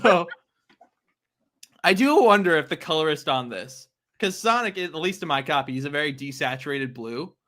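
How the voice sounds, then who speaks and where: A man's voice: on the high side, expressive, moderate pace, fairly bright tone. A man hosting a casual comic-book chat, laughing often as he retells scenes. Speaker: podcast host.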